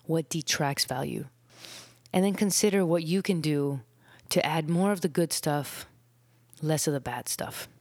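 A young adult woman hosting her own podcast, a little out of breath, talking in an earnest, reflective way, with phrases trailing off into soft breathy whispers. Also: sits low, a little slow, no room sound, clean studio sound. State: out of breath after illness. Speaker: podcast host. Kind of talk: casual solo podcast talk.

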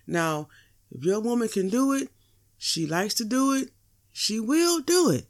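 A woman's voice: on the high side, very animated, unhurried. A young woman hosting a podcast, giving a blunt, profane comedic monologue full of teasing rhetorical asides. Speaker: podcast host.

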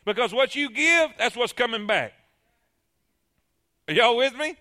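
Bright, high-voiced preacher man. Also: lively intonation, measured pace. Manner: emphatic, calls on the congregation. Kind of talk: sermon.

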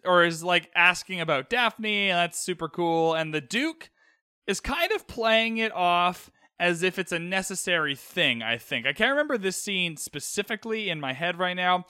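A young man chatting casually as he recaps a TV episode, animated and full of quick asides and mock outbursts. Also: sits high, smooth, no echo, studio quality. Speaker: show reviewer.

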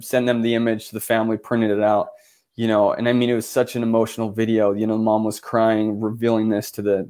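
A man's voice: fairly low pitch, darkish tone. A man from Utah, a photographer guest in an interview, telling his story earnestly with many restarts and filler words.

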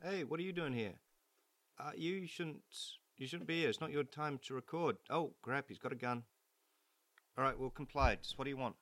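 A man's voice: mid-range voice, moderate pace, fairly bright tone, no room sound, natural voice. A man doing a panicked, pleading studio worker. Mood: scared. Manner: frightened, pleading. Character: panicked male studio worker held at gunpoint.

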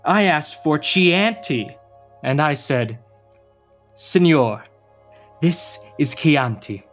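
A young actor playing a tired, gentle uncle in a radio drama, patient but quick to flare. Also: male voice, fairly high pitch, animated, faint music behind, full character voice. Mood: storytelling. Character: uncle Gio, weary, tender, short-tempered.

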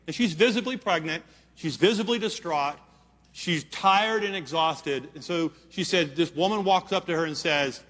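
A man's voice: fairly high pitch, normal speed, fairly bright tone. A man preaching a sermon, telling a story in an earnest, emphatic way and checking in with his listeners. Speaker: pastor. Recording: long hall reverb.

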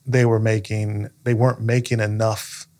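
A man's voice: lowish voice, level tone, moderate pace, darkish tone. A man, a county manager being interviewed, answering in an earnest conversational way, telling stories and often checking in with "right?". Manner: earnest, storytelling, frequent "right?" check-ins.

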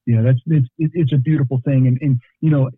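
A man's voice: mid-range voice, steady tone, quick pace, slightly rough, no echo. A man talking as a guest counselor in a podcast conversation, earnest and repeating words as he gathers his thoughts. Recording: dry, tinny phone-like line.

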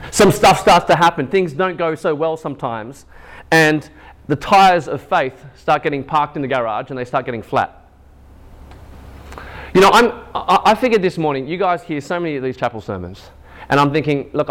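A man in his thirties with a high voice delivers a chapel sermon as a lively personal story. He acts out each quoted voice, pitching up for them. His talk comes in short, loose phrases. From Asian heritage. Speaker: chapel speaker.

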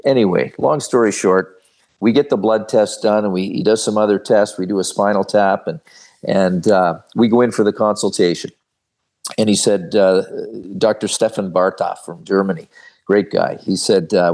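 An older man, a former hockey referee, telling personal stories as an interview guest in an animated, folksy way. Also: lowish voice, normal speed. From Canada. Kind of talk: storytelling in an interview.

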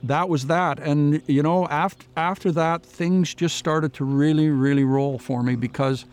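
A man's voice: a little high, fairly even intonation, measured pace, a little mellow, slight background noise. A man giving an earnest personal testimony in an interview, retelling past conversations with many "I said" tags. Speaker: guest sharing his faith story.

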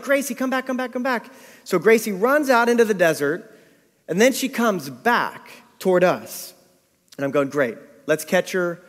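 A middle-aged man preaches in a sermon, telling a personal story with animation and acting out his own thoughts aloud. His voice sits a little high. The sound carries a long hall reverb. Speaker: pastor.

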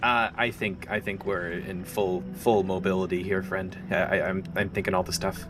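A man with a fairly low voice, playing a tabletop game and restarting his sentences as he goes. The recording carries clear background noise. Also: flat delivery. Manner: halting, self-correcting. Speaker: player. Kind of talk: casual play. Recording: noisy recording.

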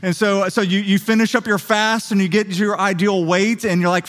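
A young adult man preaching a sermon, telling a story with lively quick asides. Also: sits high. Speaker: pastor.

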